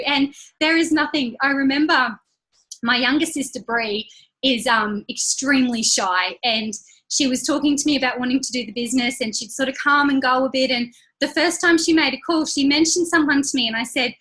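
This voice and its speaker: Young woman with a high bright voice, chatty upbeat training talk, acts out quotes. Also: fairly quick, low-quality recording. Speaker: network marketing team leader. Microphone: call recording.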